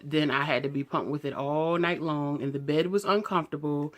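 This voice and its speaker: A woman in her early thirties, telling a personal story to camera in a candid, animated way. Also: sits low, a little fast. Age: 30s. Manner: candid, animated retelling, heated when quoting herself. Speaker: beauty vlogger.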